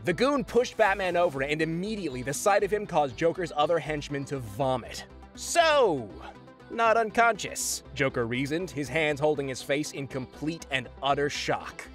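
A man narrating a comedic comic-book story in a dramatic, expressive, scripted style. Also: fairly high pitch, moderate pace, few pauses, faint music behind.

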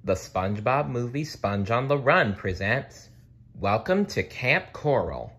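A man reading a children's picture book aloud, expressive, with slips he corrects. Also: mid-range voice, measured pace, breathy edge. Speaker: storybook reader.

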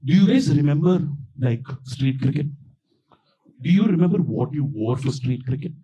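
Animated young comedian on stage. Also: male voice, fairly high pitch, moderate pace, muffled recording. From India. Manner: animated storytelling, acting out quoted voices. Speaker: stand-up comedian. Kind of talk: stand-up comedy set. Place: small outdoor backyard venue with live audience.

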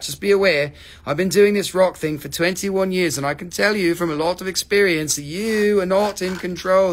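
A middle-aged man hosting a live-stream sale of rocks and minerals, talking in an excitable, hyping way and swearing freely. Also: sits high. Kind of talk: live-stream sales chat.

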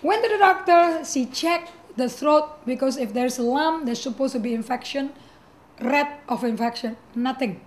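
High-voiced woman giving testimony. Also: normal speed. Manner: animated, acts out quoted voices, frequent restarts. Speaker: pastor. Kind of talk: personal testimony storytelling.

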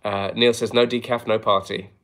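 A man chatting casually in his flat on a live stream, reading out viewer comments with dry, joking asides. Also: lowish voice, moderate pace. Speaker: musician hosting a live stream. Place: home flat, indoors.

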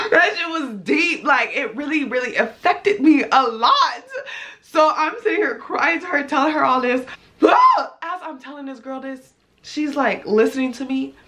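Young woman doing a storytime vlog, high bright voice, super animated and cussing a lot. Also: moderate pace. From United States. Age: 20s. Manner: animated and expressive, swears freely, laughs often. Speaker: vlogger. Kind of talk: casual storytime. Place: indoors at home, talking to a camera.

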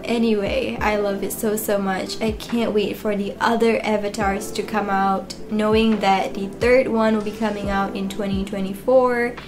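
A young woman hosting a movie reaction, chatting emotionally and laughing often. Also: mid-range voice. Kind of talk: casual reaction commentary.

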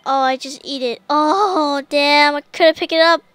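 A woman giving casual let's-play commentary, talking to herself and to the creatures on screen, and yelling commands at the game when things heat up. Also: high-pitched, measured pace, dry recording, faint music behind. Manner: excitable, yells commands at the game. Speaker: gamer streamer.

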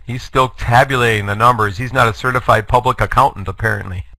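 A man's voice: medium pitch, fairly even intonation, fast talker, pushed and bright, no echo, poor audio. A man giving a live online lecture, jokey and self-deprecating, rallying the audience to take part. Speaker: guest lecturer. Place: online webinar.

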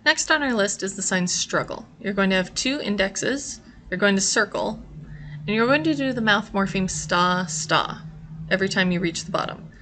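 A woman's voice: medium pitch, lively intonation, moderate pace, a bit bright. A woman teaching a sign language class, explaining each sign patiently and step by step. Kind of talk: instructional explanation.

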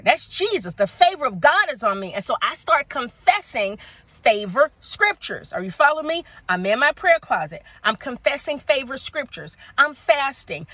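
Middle-aged woman, bright high voice, swoops all over, preachy testimony to y'all, dry sound. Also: no echo. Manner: animated, preacherly, addresses viewers as y'all. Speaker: vlogger sharing a faith testimony. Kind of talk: casual testimony talk to viewers. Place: outdoors at sunset.

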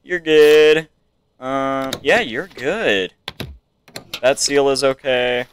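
A man's voice: mid-range voice, very slow, a little hiss or hum. A man giving casual gameplay commentary, thinking aloud as he checks items off to himself. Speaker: game player.

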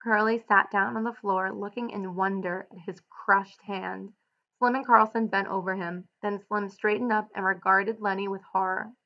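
A woman teacher reading a novel aloud and adding clear, explanatory asides for students. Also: mid-range voice, steady tone, moderate pace, muffled recording. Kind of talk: read-aloud with guided annotations.

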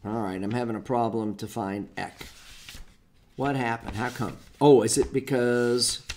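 A man's voice: medium pitch, fairly even intonation, measured pace, a little mellow, slight background noise. A man teaching an informal Bible study lesson on Greek grammar, explaining step by step and muttering to himself as he hunts through a book. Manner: rambling, talks to himself while hunting through a book.

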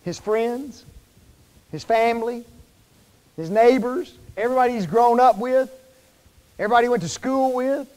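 A man preaching a sermon to his congregation in a folksy, conversational way, often pausing to quiz them with fill-in questions. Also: extremely high pitch, a little mellow. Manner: folksy, informal wording. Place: church sanctuary. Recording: long reverb of a church hall.

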